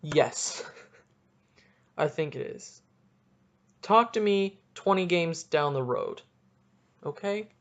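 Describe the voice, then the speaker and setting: A young man hosting a solo sports podcast, ranting excitably and cutting himself off mid-sentence. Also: a little high, takes it slowly, long pauses. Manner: excitable, ranting, self-interrupting. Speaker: podcast host.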